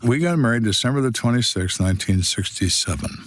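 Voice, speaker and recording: A retired detective in his sixties tells stories on a podcast, blunt, dry, and wry in manner. His voice is mid-range, with lively intonation and a fairly quick pace.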